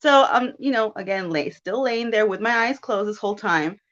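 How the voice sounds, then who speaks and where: A woman in her thirties tells a personal story in easy, casual chat. She sounds animated, laughs often and acts out her own thoughts in quick asides. Her voice sits at a middle pitch, and the recording has a dull, lo-fi sound. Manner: chatty and animated, with laughs and self-quotes. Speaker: guest.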